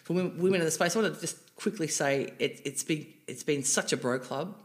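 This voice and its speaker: A woman in her forties with an Australian accent, a guest in a casual interview, telling animated stories with lots of laughter and restarts. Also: low voice, brisk.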